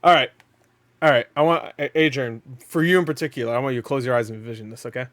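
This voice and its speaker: A man in the middle of his range hosts a loose, excitable reaction chat, laughing often and swearing freely. His voice sounds dry and close, with little room around it. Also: medium pitch, fast, dry recording. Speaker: host of a reaction channel. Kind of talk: casual chat.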